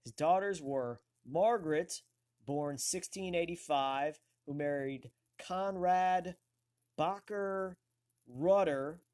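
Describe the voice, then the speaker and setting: A man hosting a casual online talk show, slowly thinking aloud as he looks things up on a computer. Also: fairly high pitch, a little mellow. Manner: slow, thinking aloud while searching. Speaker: host.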